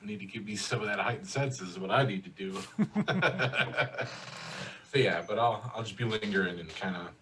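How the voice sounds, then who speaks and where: A man's voice: on the low side, moderate pace, fairly bright tone, a little hiss or hum, rough recording. A man playing in a tabletop game, laid-back and swearing casually as he plans his moves. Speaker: player.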